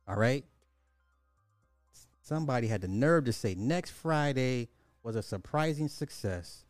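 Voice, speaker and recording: A man's voice: medium pitch, lively intonation, measured pace, long pauses, no echo, clean studio sound, faint music behind. A man hosting a podcast, giving casual, sarcastic commentary and thinking aloud as he looks up numbers. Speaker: podcast host.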